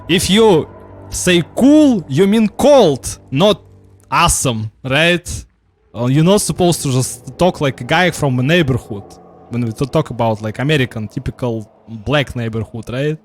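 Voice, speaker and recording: A man from Russia with a Russian accent, talking casually while he plays a game, rambling with frequent restarts, fillers and laughs. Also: mid-range voice. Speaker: streamer. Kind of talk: casual gameplay commentary. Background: game music.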